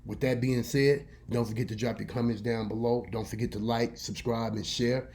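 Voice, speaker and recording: Man vlogger, mellow voice, folksy preachy storyteller. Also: medium pitch, steady tone, normal speed. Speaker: vlogger and radio host. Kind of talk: casual storytelling monologue.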